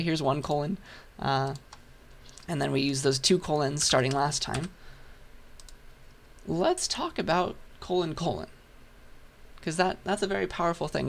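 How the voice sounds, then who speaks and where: Hoarse guy teaching a programming class, gravelly, walks thru it step by step. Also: a little high, fairly bright tone. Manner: patient, explains step by step while writing. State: hoarse, losing voice. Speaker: university lecturer. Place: lecture hall.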